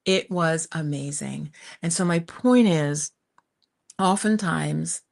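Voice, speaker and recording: A middle-aged woman hosting a livestream, telling a personal story in a chatty, animated way with frequent laughs. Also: low voice, slow, creaky. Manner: chatty and animated, often laughing and saying "you guys". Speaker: spiritual teacher hosting a livestream. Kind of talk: live-streamed personal storytelling.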